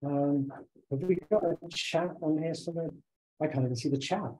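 A man, slightly hoarse from talking all day, giving a conversational online presentation with many filler sounds. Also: on the high side, normal speed, dark tone, poor audio. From United Kingdom. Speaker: webinar presenter and business owner. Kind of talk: online presentation over slides.

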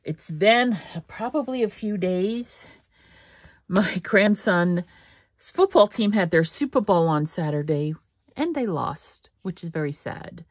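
A woman's voice: medium pitch, lively intonation, takes it slowly, no room sound. An older woman hosting a casual craft vlog from her home studio, rambling and correcting herself as she thinks aloud. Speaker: craft channel host.

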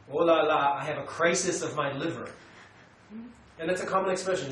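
A man's voice: on the high side, fast talker. American man lecturing in an echoey hall. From United States. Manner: animated, acts out quotes, tells students to take notes. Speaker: teacher. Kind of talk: classroom lecture. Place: meditation center lecture room. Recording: echoey room, mic far away, light noise.

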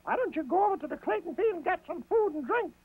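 A man voicing a clever, bold trickster rabbit in a high squeaky falsetto, on old lo-fi television audio. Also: expressive, fast talker. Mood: coaxing.

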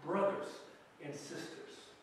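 A man's voice: takes it slowly, far from the mic, slight background noise. A man preaching a sermon as pastor, conversational and storytelling, sometimes acting out quoted voices. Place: church sanctuary. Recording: very echoey church hall from afar.

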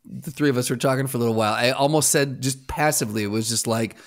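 A man co-hosting a podcast, chatting casually and dropping quick joking asides. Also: mid-range voice. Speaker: podcast co-host.

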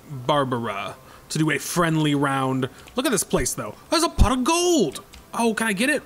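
A man giving excitable, sarcastic commentary while playing a golf video game, swinging between high yelps and low mutters. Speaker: gaming YouTuber. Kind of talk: gameplay commentary.

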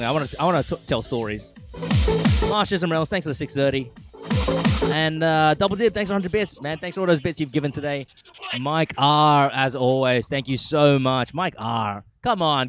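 A young man who DJs and streams, chatting casually between mixes, telling a rambling story with lots of swearing. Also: medium pitch. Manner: excitable, profane, rambling storyteller. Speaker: DJ and live streamer. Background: faint dance music.

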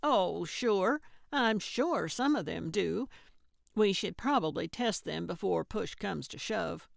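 A woman voicing a cantankerous, blunt elderly woman sleuth in an audiobook, talking loudly and indignantly. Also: lowish voice, expressive, takes it slowly, gravelly, no room sound, studio quality, exaggerated voice. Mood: brash. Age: older. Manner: brash, hollering, indignant. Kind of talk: audiobook character voice.

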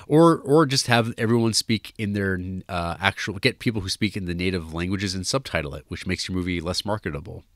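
Speaking a little fast with few pauses, a deep-voiced man co-hosts a podcast, chatting loosely about a film with lots of fillers and restarts. The recording is clean studio quality, no echo.

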